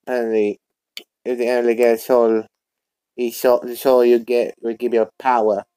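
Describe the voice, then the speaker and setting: A man's voice: mid-range voice, little pitch movement, normal speed, dark tone, smooth, no room sound, close to an everyday voice, poor audio. A man voicing a solemn male vet who pleads earnestly and stumbles over his words in a fan comic dub.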